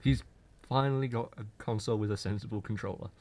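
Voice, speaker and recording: A man's voice: fairly low pitch, fast talker. A young man co-hosting a podcast, chatting casually and teasing his co-host. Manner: animated, teasing, knowledgeable about games. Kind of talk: casual chat.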